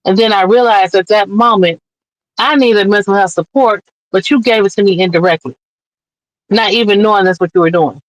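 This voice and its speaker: A woman's voice: mid-range voice, brisk, no room sound, poor audio. A woman guest on a streamed interview show, talking earnestly and with passion as an advocate, close to tears at times. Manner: earnest, impassioned, tearful at times. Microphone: remote streaming mic.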